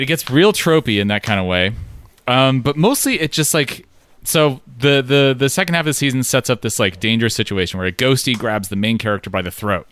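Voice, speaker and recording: A man's voice: fairly low pitch, clean tone. Rambling man in casual critique. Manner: rambling, profane, animated with laughs.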